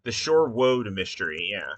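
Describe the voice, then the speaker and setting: A man thinking aloud while he builds a word puzzle, muttering with many pauses and fillers. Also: fairly low pitch, big pitch swings, no room sound. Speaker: puzzle maker. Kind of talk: casual think-aloud commentary.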